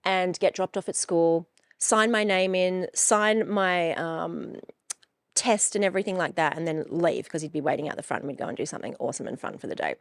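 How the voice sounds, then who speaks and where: A woman in her forties tells a personal story frankly and with emphasis, swearing freely. Her voice sits a little low. It is recorded close and dry. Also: a little fast, creaky, no room sound. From Australia. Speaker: coach and podcast host.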